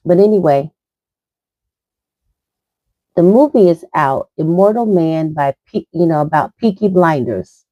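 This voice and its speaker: A middle-aged makeup vlogger rambles chattily through a casual tutorial, talking as she puts her makeup on. Her voice is fairly low, expressive and unhurried, with long pauses. The recording is lo-fi with no echo.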